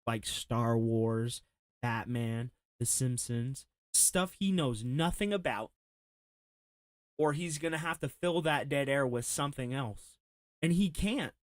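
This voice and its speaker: A streamer talks over a clip, taking sarcastic jabs at the person in it. His mid-pitched voice sounds dry and close, with no echo from the room. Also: slow pace. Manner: sarcastic, mocking, laughing asides. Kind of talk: mocking reaction commentary.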